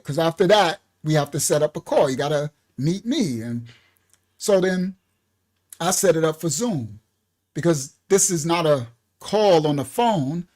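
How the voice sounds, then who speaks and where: Male ministry leader on a casual livestream; slangy, laughing, acts out voices, very lively pitch. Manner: animated, laughing, heavy slang.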